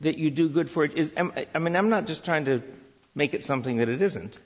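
Man, church teaching talk, rhetorical questions, raspy voice, muffled lo-fi sound. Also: a little high, fairly quick, in a large hall. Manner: lively, asks many rhetorical questions. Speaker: Christian speaker teaching on work and business. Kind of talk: teaching talk with audience interaction.

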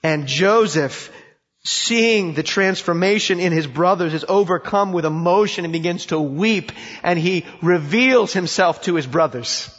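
A man's voice: high-pitched, unhurried, fairly bright tone. A man preaching a sermon, telling a story with emphasis and putting questions to his listeners. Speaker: pastor. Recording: dull sound in a reverberant hall.

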